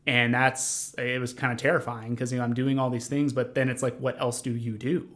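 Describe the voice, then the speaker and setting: A man's voice: medium pitch, little pitch movement, brisk, fairly bright tone. A young man telling his own story as a podcast guest, earnest and rambling, with many fillers and restarts. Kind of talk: conversational storytelling.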